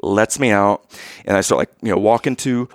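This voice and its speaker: A man telling a funny family story in casual chat, acting out his own past lines with loud outbursts. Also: fairly low pitch, moderate pace, dry recording, clean studio sound.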